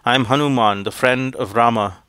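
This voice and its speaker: A man voicing a loyal, kind magical monkey envoy in a storybook reading, in a measured, even tone. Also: medium pitch, clean tone, no echo, close to an everyday voice. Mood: reassuring.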